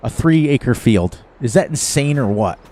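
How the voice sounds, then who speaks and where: An older man in his sixties, from the eastern United States, talks through a farming game in a loose, rambling way. His voice sits at a medium pitch, and he chuckles at his own jokes. Faint outdoor noise hums behind him. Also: expressive, measured pace, warm tone. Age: 60s. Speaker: gaming streamer. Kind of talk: casual gameplay commentary.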